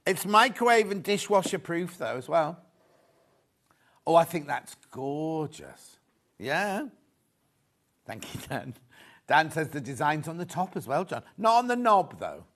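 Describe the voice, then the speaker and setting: A man's voice: fairly high pitch, sing-song, moderate pace, fairly bright tone. Chatty man presenting live shopping. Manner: chatty, reads viewer messages, jokes with crew. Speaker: shopping channel host.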